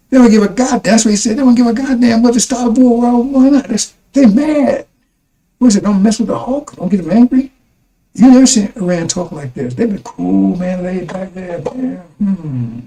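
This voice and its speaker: A man's voice: high voice, creaky, warm tone, low-quality recording. A man preaching in a rambling, emphatic sermon, repeating words and addressing his listeners as brothers and sisters. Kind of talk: sermon broadcast commentary.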